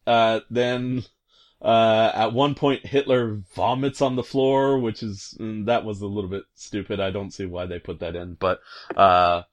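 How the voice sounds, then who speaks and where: Recounting a video game scene as a commentator, the man speaks in an unhurried, steady tone that sits on the low side. His telling is casual and rambling, hesitant, and full of fillers and amused little asides.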